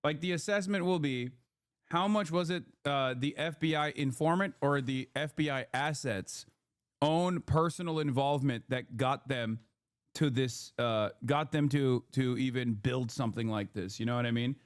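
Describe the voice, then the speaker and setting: A man's voice: mid-range voice, normal speed, smooth. A man in a casual stream chat, giving political commentary in a rambling, sarcastic way with lots of fillers. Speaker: stream guest.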